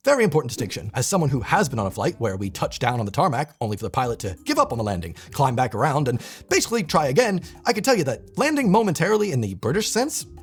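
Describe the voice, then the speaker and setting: A man's voice: medium pitch, big pitch swings, quick pace, hardly any pauses, slightly rough. A man presenting a scripted explainer video with a playful delivery and wry asides.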